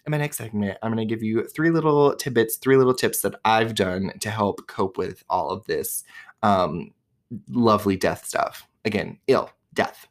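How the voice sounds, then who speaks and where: A man's voice: lowish voice, normal speed. A man in his twenties hosting a podcast, talking candidly and casually, with lots of fillers and swearing. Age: 20s. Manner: chatty, candid, swears freely, many "like" and "um". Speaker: podcast host. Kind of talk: casual personal monologue.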